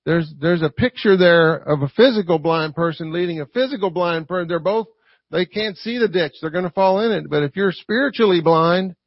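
A man preaches in a high, gravelly, husky voice, keeping the sermon conversational and tossing "right?" back at the congregation. The recording is dry and dull, like a lo-fi church tape. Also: brisk, no room sound.

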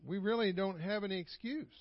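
A man with a high-pitched voice preaches fairly quickly in a church sanctuary, mixing conversational storytelling with a steady stream of rhetorical questions and frequent chuckles. The recording is lo-fi and dull, dry with no room echo.

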